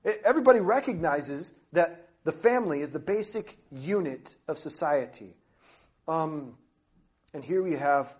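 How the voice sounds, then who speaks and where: A male missionary preacher giving an earnest, emphatic sermon in a church, often stretching out key phrases. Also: on the high side.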